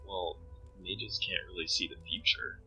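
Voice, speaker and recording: A man's voice: deep voice, a little slow, bright, forceful tone, slight background noise, heavily acted, poor audio. A man voicing an awkward, nervous young male mage in a visual novel, stammering and flustered.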